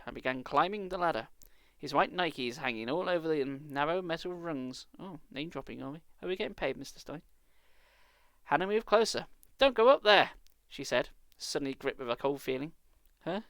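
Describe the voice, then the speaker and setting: A man's voice: a little high, fairly quick, a bit bright, dry recording. A British man reading a children's book aloud live, with dry, sarcastic asides. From Britain.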